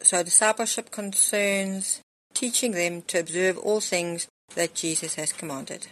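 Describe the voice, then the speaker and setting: Earnest woman preaching, lower voice. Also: fairly even intonation, a little slow, a little hiss or hum. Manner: earnest, reads scripture aloud with emphasis. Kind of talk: sermon.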